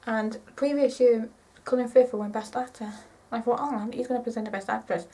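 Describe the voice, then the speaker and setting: A woman in her twenties chatting casually to camera in a rambling, excitable way, often correcting herself. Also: on the high side, a little fast, recorded from a distance, poor audio. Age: 20s. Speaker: vlogger.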